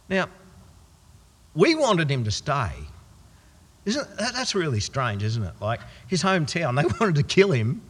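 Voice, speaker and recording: An Australian man playing an amazed male follower of Jesus, telling it in a folksy, husky voice in a church. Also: a little high, heavily acted. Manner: folksy, conversational storytelling. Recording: long church reverb.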